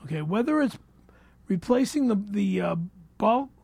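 Man, gravelly, husky, stammering, halting podcast talk, dry close mic. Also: sits high, animated, a little mellow, no room sound. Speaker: show regular reading ads. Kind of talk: casual comedic podcast banter.

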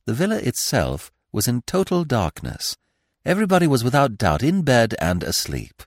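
A man narrating a classic mystery novel as a podcast reader, in a measured, expressive storytelling manner. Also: medium pitch, dry recording, studio quality. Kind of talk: audiobook reading of a classic mystery.

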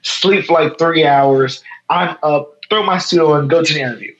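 A man in his thirties from Chicago, a guest in a casual interview, telling a story in a lively way and acting out the lines of other people. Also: a little high, moderate pace, highs cut off. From Chicago, USA. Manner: animated, acts out quoted dialogue. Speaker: guest photo editor.

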